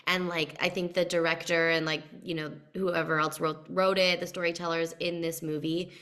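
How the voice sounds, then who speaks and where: A woman's voice: on the low side, level tone, moderate pace, a bit bright. A woman co-hosting a podcast, chatting casually about a film and filling her sentences with "like". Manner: chatty, leans on "like" as a filler. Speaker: podcast co-host.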